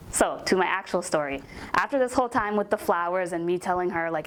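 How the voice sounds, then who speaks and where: A woman's voice: on the low side, lively intonation, brisk, a little hiss or hum. A young woman telling a casual storytime about a coworker, chatty and full of "like" and "um" fillers.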